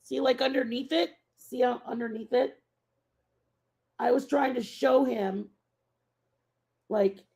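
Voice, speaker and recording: A woman's voice: fairly high pitch, takes it slowly, gravelly, long pauses, a little mellow. A woman hosting a casual live stream, rambling and chatting with her viewers and answering their messages by name.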